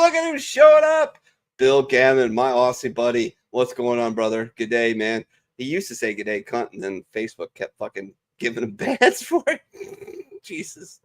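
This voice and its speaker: Guy hosting a vets hangout, swears a ton, jokey and loose. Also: fairly low pitch. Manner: profane, loose and joking. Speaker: show host. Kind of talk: casual chat.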